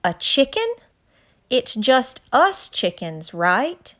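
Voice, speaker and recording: A woman's voice: a little high, very animated, slow, a bit bright, voice pushed up, exaggerated voice. A woman voicing a frantic little male chicken who shrieks in alarm. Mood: fearful.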